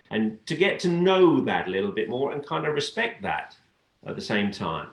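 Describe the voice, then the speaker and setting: Man chatting halting in an echoey room. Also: mid-range voice. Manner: relaxed, halting, with restarts. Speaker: guest, dance adjudicator. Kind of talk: casual interview chat.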